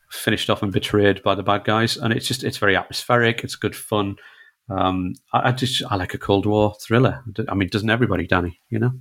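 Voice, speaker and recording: A man from northeast England, a guest reviewing films in a relaxed, chatty radio talk. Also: fairly low pitch. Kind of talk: casual radio chat.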